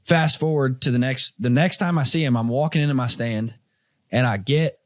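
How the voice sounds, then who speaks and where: Dry-voiced man telling a lively story. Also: medium pitch, normal speed, no echo. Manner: animated storyteller, acts out quoted voices. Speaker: podcast host. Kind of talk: casual hunting story chat.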